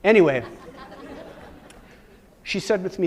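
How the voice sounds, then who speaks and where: Male keynote speaker, somewhat high voice, dramatic storyteller who jokes and acts out dialogue. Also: expressive, normal speed, a little mellow, a faint crowd. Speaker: conference speaker. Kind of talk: personal storytelling talk. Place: conference stage.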